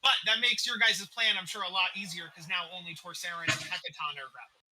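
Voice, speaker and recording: A man's voice: sits high, steady tone, quick pace, a loud crowd, low-quality recording. A man running an online tabletop game as dungeon master, patiently explaining rules and chuckling often. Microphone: desk mic.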